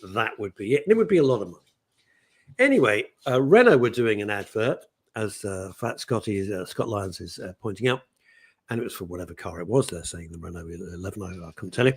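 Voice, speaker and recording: Brief: British male radio co-host, lively pitch, anecdotal chatter. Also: breathy edge. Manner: storytelling, animated, laughs often. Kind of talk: casual radio chat.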